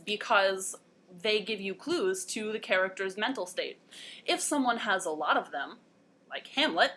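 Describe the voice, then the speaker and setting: A woman's voice: medium pitch, pushed and bright. A young woman hosting a casual, playful lesson, chatty and given to bursts of enthusiasm. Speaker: host.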